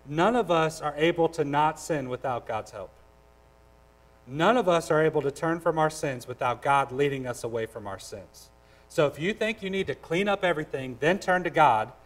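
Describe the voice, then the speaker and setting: A man's voice: on the high side, poor audio. A pastor delivers a sermon in a slightly raised male voice. He speaks directly and earnestly, driving points home with repeated phrases. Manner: acts out voices in a told story.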